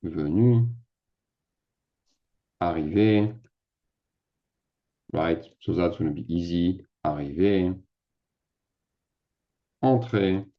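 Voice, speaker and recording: A man's voice: low voice, very slow, pauses often, dull audio. A man teaching a casual lesson, chatty and self-mocking as he thinks aloud while typing. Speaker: French teacher. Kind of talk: casual screen-share lesson.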